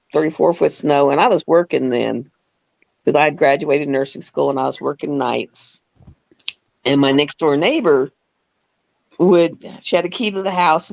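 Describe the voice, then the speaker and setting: A woman's voice: low-pitched, creaky, no echo, lo-fi sound. A woman in her fifties hosting a live stream, telling stories in a chatty way with laughs and acted-out quotes. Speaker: host. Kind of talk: casual storytelling chat.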